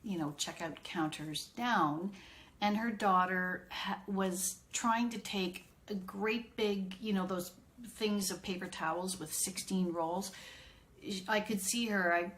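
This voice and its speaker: A middle-aged woman talks slowly and unhurriedly, chatting through an everyday anecdote for live viewers. Her voice sits at an ordinary mid pitch, relaxed and conversational, an autism consultant sharing a story.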